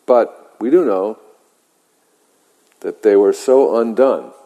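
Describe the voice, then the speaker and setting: A man, a meditation teacher, telling a story in a measured, reflective way with halting pauses, in a meditation hall. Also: fairly low pitch, warm tone. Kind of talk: dharma talk storytelling. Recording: long hall reverb.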